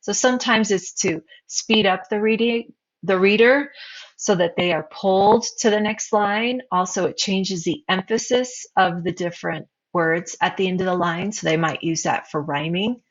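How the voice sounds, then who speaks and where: A woman's voice: mid-range voice, normal speed, highs cut off. A woman teacher narrating a recorded slideshow lesson, explaining terms and posing questions to her students.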